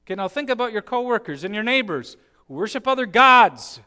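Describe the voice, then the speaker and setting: A man preaching a sermon, telling the story with swings from hushed, slow lines to emphatic ones. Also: very high voice, animated.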